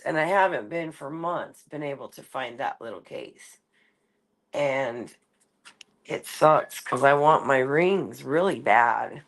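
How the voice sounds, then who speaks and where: Woman streamer, unhurried and low-voiced, casual late-night chat at home, drifts off topic. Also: fairly bright tone. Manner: rambling, talks to her cat in a higher voice. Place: home, kitchen.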